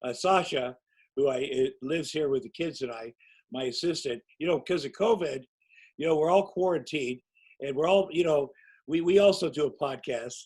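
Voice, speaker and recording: A man in his sixties with a notably high voice spins loose, rambling anecdotes as a guest. He tells them casually and pokes fun at himself as he goes. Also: normal speed, darkish tone, slightly rough, poor audio. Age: 60s. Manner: rambling, anecdotal, self-mocking. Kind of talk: casual storytelling.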